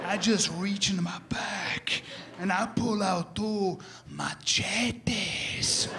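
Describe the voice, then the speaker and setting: A man tells a comic story with a high-pitched voice and big animated swings. He jumps into shouted, higher character voices. A steady noise sits behind him. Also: takes it slowly. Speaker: comedian. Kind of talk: stand-up style comic monologue.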